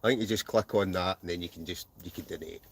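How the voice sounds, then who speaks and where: A Scottish wild camping channel host streams live from his tent, joking, laughing often and reading viewers' names and comments aloud. He talks fast in a low-pitched voice with vocal fry, a fairly bright tone and a breathy edge.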